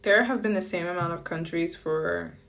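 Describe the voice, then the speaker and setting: A woman chatting casually on a live stream, upbeat and playful with quick asides. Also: on the low side, wildly swooping pitch, fairly bright tone. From United States. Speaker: travel vlogger. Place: France.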